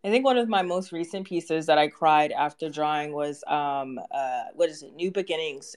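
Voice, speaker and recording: An artist guest in a casual interview, talking candidly and laughing often. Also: medium pitch.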